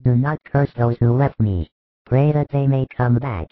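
A man voicing a calm, patient male spiritual teacher. He speaks in measured, instructive sentences in a dramatized religious reading, on a tinny recording. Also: mid-range voice, no echo, close to an everyday voice. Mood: calm teaching. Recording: tinny phone-like dry recording.

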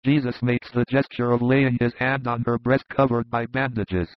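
A man reading a scripted story narration in an even, level way. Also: medium pitch, moderate pace, dry recording. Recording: dull, muffled sound.

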